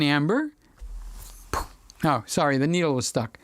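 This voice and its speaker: Speaking at a normal speed with lively intonation, a man with a slightly high, fairly bright, clear and resonant voice runs a casual livestream. Recorded dry in his home studio, he reads viewer comments, names them as he chats, and occasionally sings.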